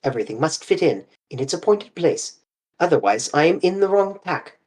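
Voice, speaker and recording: A reader voicing a fussy, excitable old detective. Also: mid-range voice, moderate pace, voice pushed up, natural voice. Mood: muttering. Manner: precise, probing, excitable. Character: fussy, intense little male detective, older man. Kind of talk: audiobook character reading.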